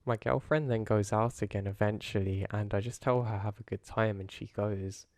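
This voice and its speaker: Low-voiced man telling horror stories. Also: moderate pace, dry recording, clean studio sound. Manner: calm, low-key retelling. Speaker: storyteller. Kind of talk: first-person horror story narration.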